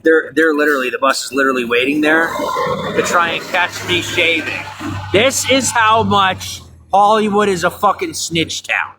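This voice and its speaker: A man's voice: fairly high pitch, moderate pace, over music. An angry man in a profane, repetitive rant, talking outdoors at night beside a bus bench. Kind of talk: angry monologue.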